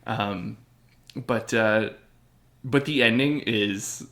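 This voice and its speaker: A man's voice: lowish voice, extremely slow, a bit bright. A young man co-hosting a casual podcast chat, rambling with lots of filler words and frequent laughter. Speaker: podcast co-host.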